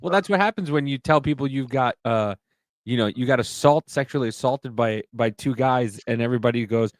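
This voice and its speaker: A man talking in a casual podcast chat, rambling and animated, swearing freely. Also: medium pitch, brisk, no room sound. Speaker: podcast host.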